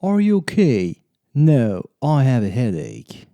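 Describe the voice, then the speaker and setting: Slow, dark-voiced man reading English drills. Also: medium pitch, wildly swooping pitch, no echo. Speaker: English teacher. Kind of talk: slow scripted reading of example sentences.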